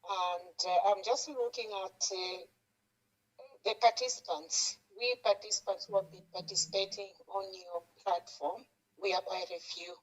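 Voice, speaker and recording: A woman's voice: mid-range voice, steady tone, measured pace. A woman from Zambia with a Zambian accent, calling in to a radio talk show anonymously and speaking in a heartfelt, pleading way, repeating herself. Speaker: anonymous caller. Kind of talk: emotional call-in comment. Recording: phone line on radio.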